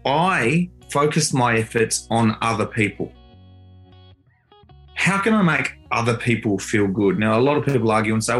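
A man's voice: medium pitch, expressive, normal speed, a bit bright, soft background music. A middle-aged Australian man telling a heartfelt personal story in an earnest, reflective way. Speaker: father and guitar teacher.

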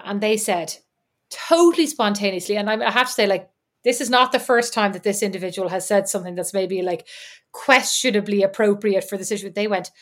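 A woman, co-hosting a podcast and telling stories in casual chat with plenty of asides and fillers. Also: mid-range voice. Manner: chatty storyteller with lots of fillers and asides. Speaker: podcast co-host. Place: lives in Indiana.

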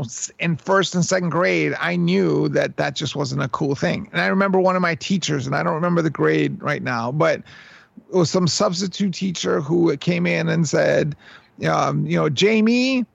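A man in his fifties from New York tells stories in a lively, animated way, often repeating words as he starts a thought. His voice sits high and is heavily gravelly. The recording sounds dull and lo-fi. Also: normal speed, no echo. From New York City. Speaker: guest. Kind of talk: casual storytelling interview.

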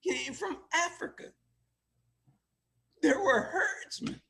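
A man's voice: very high voice, slow, creaky, sharp tone. An older man telling oral history as an interview guest, emotional and often laughing as he speaks.

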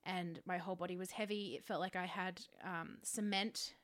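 A woman's voice: fairly low pitch, steady tone, moderate pace, a bit bright. An Australian woman co-hosting a podcast, sounding worn out and weary, rambling through her week in casual chat with self-deprecating asides. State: tired. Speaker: podcast co-host.

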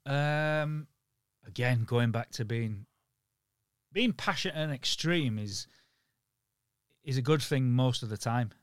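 A man's voice: mid-range voice, takes it slowly, pauses often, smooth, no room sound, clean studio sound. A man with a Yorkshire accent, a podcast guest telling stories in casual conversation, blunt and sweary.

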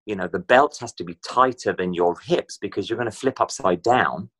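A middle-aged British man, a guest performer, tells stories in a casual interview chat as a chatty, animated storyteller. His voice is fairly low in pitch and he talks at normal speed.

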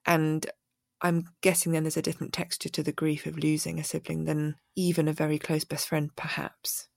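A woman hosting a podcast, her voice low with a gravelly edge. She asks thoughtful, measured questions and probes gently. The recording is dry and close. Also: monotone, no room sound. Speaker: podcast host. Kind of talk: reflective interview questions.

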